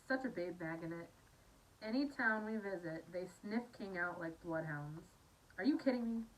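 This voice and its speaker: A woman's voice: on the low side, fairly bright tone. A Scottish woman casually reading a novel aloud, with chatty asides and slips over words. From Scotland. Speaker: audiobook reader. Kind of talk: casual amateur audiobook reading. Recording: slightly distant mic, faint noise.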